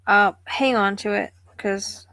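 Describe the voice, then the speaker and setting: A woman's voice: medium pitch, steady tone, slow pace, sharp tone, no echo. A woman psychic medium giving a live reading, thinking aloud in a musing, tentative way.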